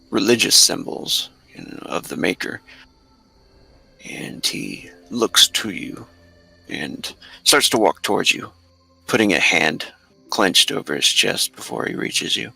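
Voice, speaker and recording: A man narrating as game master in an unhurried, hesitant way, with many fillers. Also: low voice, gravelly, pushed and bright, husky, soft background music.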